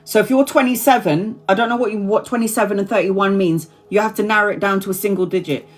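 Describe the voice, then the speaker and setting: A woman's voice: mid-range voice, steady tone, fast, faint music behind. A woman in her forties, a tarot reader chatting casually to subscribers on a livestream, rambling, repeating herself and laughing often. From Brazil. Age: 40s.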